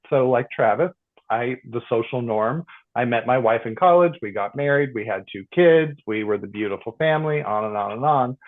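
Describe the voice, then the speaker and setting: A man in his sixties telling a personal story on a panel, emotional and halting, over a video call. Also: medium pitch. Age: 60s. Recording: tinny phone-like line.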